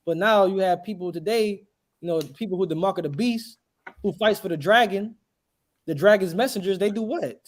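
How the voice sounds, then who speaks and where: A man's voice: high-pitched, normal speed. A man preaching a street sermon in an emphatic, questioning way, throwing rhetorical questions at his listeners.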